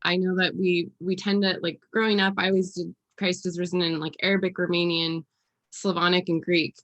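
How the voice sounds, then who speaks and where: A young woman hosts a relaxed interview. Her voice sits a little low for a woman, and her manner is friendly, upbeat and giggly. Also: fairly quick. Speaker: host. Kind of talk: casual interview chat.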